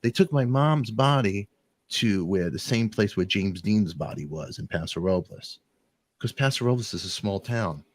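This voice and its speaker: A man hosting a talk show, telling an emotional story in a rambling, animated way with sudden jumps in pitch. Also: moderate pace, no room sound. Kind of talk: emotional casual monologue.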